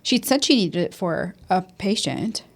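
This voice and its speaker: A woman's voice: mid-range voice, sing-song, unhurried. A woman casually telling a personal story in conversation, full of ums, casual swearing and nervous laughs. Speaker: podcast host.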